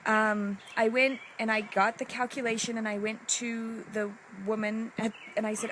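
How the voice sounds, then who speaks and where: A woman giving a live-streamed motivational talk to her group, emotional and halting, often repeating herself. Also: a little high, level tone, a bit bright, slight background noise. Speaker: women's group leader.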